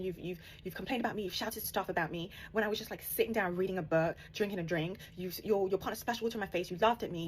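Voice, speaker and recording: Fast-talking woman telling a story. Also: mid-range voice, a little hiss or hum. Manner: animated, laughing, emphatic retelling. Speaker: vlogger. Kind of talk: personal storytime.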